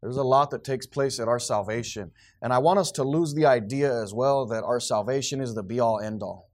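A man leading a Bible study with a small group, reading scripture aloud with rising force and then explaining it in a relaxed, conversational way. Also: medium pitch, moderate pace. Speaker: Bible teacher.

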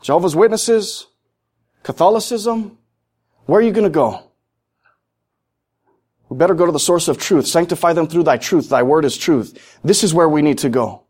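A man preaching a sermon in a plain-spoken, emphatic way, repeating lines for stress and rising to loud peaks. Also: a little high, animated, moderate pace, long pauses.

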